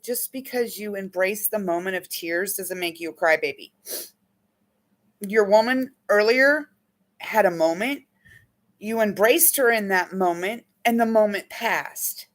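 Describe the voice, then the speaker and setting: A woman's voice: medium pitch, measured pace. A middle-aged woman healing coach teaching in a casual, candid way, telling rambling, emotional stories from her own life.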